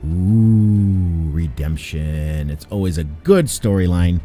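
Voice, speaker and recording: A man's voice: low voice, takes it slowly, faint music behind. A man hosting a tabletop game stream, his voice swinging up and down with lots of life. He jokes and laughs easily as he runs the table. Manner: energetic, laughs often, joking. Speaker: game master.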